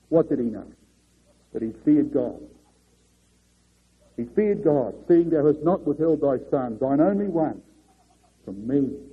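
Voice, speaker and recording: Husky-voiced preacher on a lo-fi tape. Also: male voice, mid-range voice. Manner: earnest, swings from raised to hushed. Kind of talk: sermon. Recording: muffled lo-fi recording.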